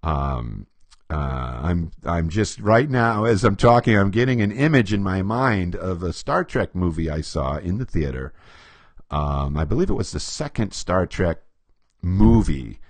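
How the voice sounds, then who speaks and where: A man with a fairly low voice swings widely in pitch as he walks through a story about behavior profiling. He acts out other people's lines and chuckles as he goes. The sound is dry and close, with no room echo. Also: unhurried. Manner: animated, acts out quotes, chuckles often. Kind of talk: storytelling explanation to camera.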